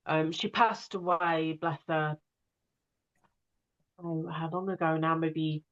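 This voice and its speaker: Chatty woman, lowish voice. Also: fairly bright tone, dull audio. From northwest England. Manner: chatty, digressive, many fillers. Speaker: audiobook narrator, guest. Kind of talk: casual conversation.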